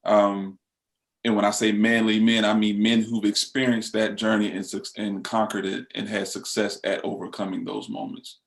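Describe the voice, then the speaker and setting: A man on a discussion panel, speaking thoughtfully and haltingly, with many fillers and restarts. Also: lowish voice, little pitch movement, gravelly.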